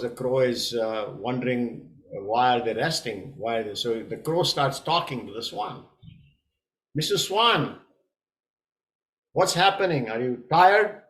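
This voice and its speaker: A man, a tai chi coach, telling a parable in a gentle storytelling way, with small hesitations. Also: mid-range voice.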